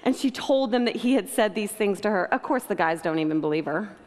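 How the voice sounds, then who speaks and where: A woman's voice: medium pitch, lively intonation, fairly quick. A middle-aged woman preaching a sermon, telling the story with emotion and laughing often. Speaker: speaker. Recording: long hall reverb.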